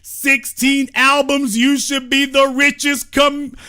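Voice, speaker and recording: A man's voice: very high-pitched, monotone, slow pace, sharp tone. A man hosting a heated commentary monologue, repeating his points emphatically and confrontationally in slangy, colloquial speech. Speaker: commentary show host.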